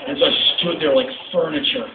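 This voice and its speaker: Middle-aged male storyteller, dry and punchy, a bit high-pitched, heard from across an echoing club through a tinny recording. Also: brisk, crowd noise. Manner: animated, sardonic, punchy delivery. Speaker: spoken word performer. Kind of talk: stand-up storytelling. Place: nightclub stage. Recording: echoey club audio, tinny and distant.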